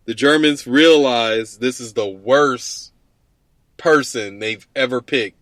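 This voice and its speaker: A man's voice: medium pitch, slow, a bit bright, no echo. Laid-back man, dry close sound. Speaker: co-host. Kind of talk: casual movie recap chat.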